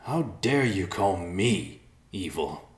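A man's voice: rumbling low, fairly even intonation, roomy sound. A man doing a cold, menacing killer. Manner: threatening, slow, clipped.

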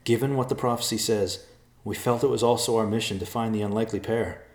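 A man's voice: on the low side, steady tone, quick pace, a little mellow, reverberant, pitched above the performer's own voice, close to an everyday voice. A man voicing a nervous adult man in a storybook reading, pleading earnestly and stammering.

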